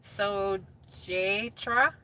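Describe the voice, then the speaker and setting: A woman's voice: medium pitch, extremely slow, bright, forceful tone, clear, resonant tone. A woman chatting casually with viewers on a live stream, reading their comments aloud and laughing often.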